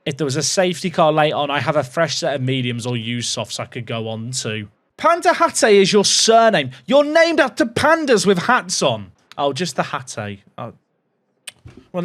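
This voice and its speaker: A man hosting and commenting on his racing management game, thinking aloud about strategy with wry asides to his chat. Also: on the high side.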